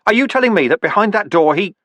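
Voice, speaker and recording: A gruff middle-aged police commander, read by a man, blunt and shaken, his voice jumping up when pushed. The delivery is lively and dry. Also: sits high, quick pace, dry recording, voice pushed up. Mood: agitated. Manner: blunt, agitated.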